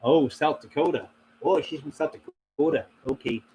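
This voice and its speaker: A man's voice: a little high, normal speed, dark tone, slight background noise, poor audio. A man hosting a casual live stream, reading and answering chat, rambling with many fillers and frequent laughs. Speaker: paranormal channel host reading live chat.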